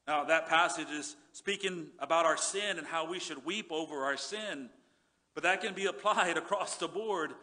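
A male pastor preaching a sermon in earnest, repeating words and dropping low and soft when he reads scripture. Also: a little slow. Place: church sanctuary.

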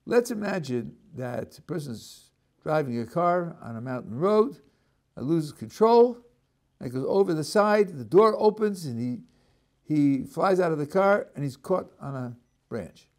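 An older man, a rabbi, giving a Torah lecture and acting out the speakers in his examples, sprinkled with Hebrew religious terms. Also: measured pace. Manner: animated, acts out a speaker's voice, rising and dropping pitch. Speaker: rabbi teaching a class.

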